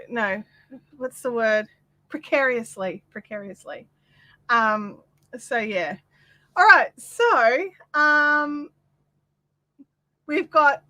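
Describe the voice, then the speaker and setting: A woman's voice: sits high, pushed and bright. A woman hosting a craft livestream, chatting casually with viewers and reading their comments with lots of fillers and asides.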